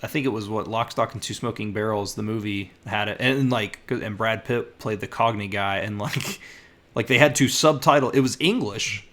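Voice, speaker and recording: Halting low-voiced American man. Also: fairly bright tone. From United States. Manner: halting, restarts with many likes. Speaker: podcast host. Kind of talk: casual chat. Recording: faint background noise.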